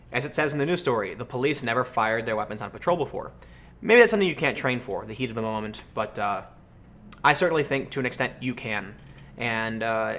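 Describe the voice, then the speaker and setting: An American man hosting a livestream, answering chat questions and telling stories in a casual, animated way. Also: mid-range voice. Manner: animated storytelling, acts out voices in anecdotes. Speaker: livestream host.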